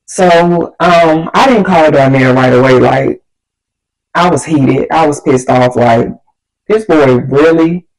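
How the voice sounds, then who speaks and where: A woman vlogger telling a story casually, animated and slangy, acting out the people she quotes. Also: sits low, rough recording.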